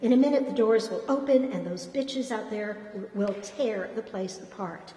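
A woman's voice: medium pitch, moderate pace, lightly acted. A domineering woman shopper who lies without blinking and barks orders at an old clerk, as a woman reader puts her on. Her voice carries a long hall reverb and a roomy echo. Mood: dogmatic. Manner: bossy, insistent, swinging from wheedling to shouting. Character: pushy, lying middle-aged woman shopper.

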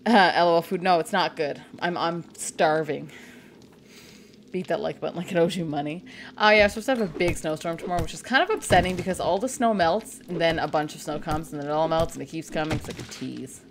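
Woman, deep voice, casual live game stream, crude jokes, noisy mic. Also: brisk. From Canada. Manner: chatty, crude jokes, yells at zombies.

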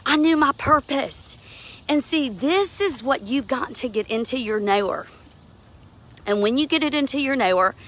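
A woman's voice: high voice, a bit bright. Emphatic woman preaching a sermon. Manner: emphatic preaching with laughs, addressing the saints. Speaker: minister.

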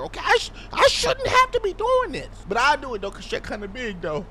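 A man hosting a horror gaming video, joking loudly and often shouting with excitement. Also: very high voice, fairly quick, hardly any pauses, slight background noise. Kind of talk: horror game commentary.

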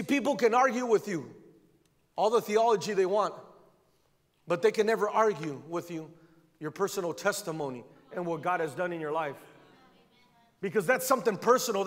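Guy pastor preaching hard, repeats lines for punch, real high voice. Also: fairly bright tone. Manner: fervent, repeating phrases for emphasis. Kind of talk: sermon. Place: church sanctuary. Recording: long church hall reverb.

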